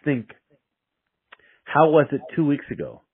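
A man's voice: a little high, sing-song, unhurried, husky, no room sound. A young man casually telling a story with heavy swearing, rambling and restarting his sentences, heard over a dry, tinny, phone-like recording.

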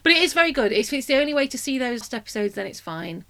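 Casual chat woman, talkative and jokey, bright voice, higher pitch. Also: sing-song, quick pace. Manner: chatty, laughs often, does playful impressions. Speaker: podcast co-host, writer.

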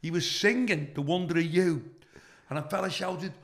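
A high-pitched, moderately paced middle-aged man from the UK tells a profanity-laden anecdote as a guest comedian. He's animated throughout and performs the people in his story.

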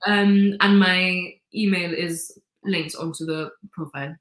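The sound is roomy, and her lowish voice is steady, fairly bright and a little slow. She's in her 20s, from Gibraltar, and chatting cheerfully as a casual interview guest, often saying "like" and "you know".

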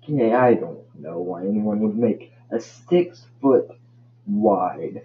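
A man's voice: fairly low pitch, lively intonation, slow pace, phone-quality sound, slight background noise. A man hosting a casual solo podcast, rambling and tripping over his words. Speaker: podcast host.

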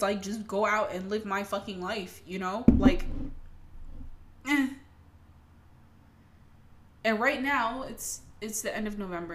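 A woman's voice: mid-range voice, fairly bright tone. A young adult woman ranting casually to her audience, swearing freely and self-mocking with dramatic flair. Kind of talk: casual rant to camera.

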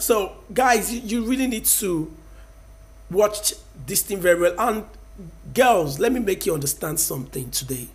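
High-voiced Nigerian man ranting. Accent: Nigerian, Yoruba-speaking. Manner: emphatic, preachy, mixes in Yoruba. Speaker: vlogger. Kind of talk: casual opinion rant to camera.

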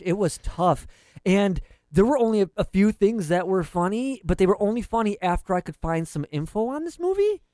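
High, lively-voiced podcast host. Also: male voice, no room sound, studio quality. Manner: rambling, restarts a lot, laughs often. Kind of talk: casual chat.

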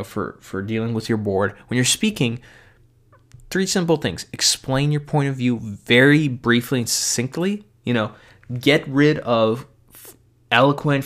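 A man delivers practical advice in an informal talk, moving through a numbered list of tips. His delivery is loose and conversational, dotted with "you know" and quick self-corrections, and he stresses the points that matter most. His voice sits at an ordinary middle pitch. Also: fairly bright tone. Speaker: speaker giving communication advice.

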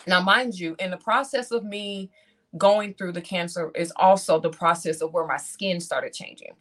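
A woman in her thirties, speaking, tells a personal testimony in animated style and acts out her own reactions as she talks to the audience. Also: fairly low pitch, moderate pace. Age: 30s. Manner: talks straight to the audience, calls them "y'all".

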